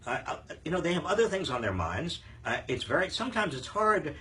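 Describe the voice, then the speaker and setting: A man's voice: fairly high pitch, very animated, brisk, pushed and bright. An older man hosting a live viewer Q&A on politics, talking emphatically with frequent fillers and restarts. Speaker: host answering viewer questions.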